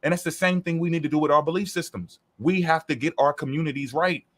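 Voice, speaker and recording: A man's voice: a little high, quick pace, a bit bright. A man co-hosting a casual talk show, delivering an emphatic, profane rant. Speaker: podcast co-host. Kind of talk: casual group talk, ranting.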